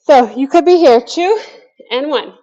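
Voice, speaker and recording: A woman's voice: high voice, expressive, unhurried, warm tone, muffled recording. A woman coaching a home workout class, counting down cues and chatting between sets while out of breath. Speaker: fitness instructor. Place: home basement.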